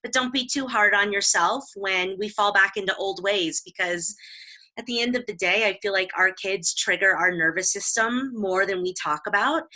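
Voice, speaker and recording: A woman's voice: medium pitch, moderate pace, sharp tone, poor audio. A woman hosting an interview as a counselor, speaking in an encouraging, reflective way to mothers. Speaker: host and counselor. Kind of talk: casual interview chat.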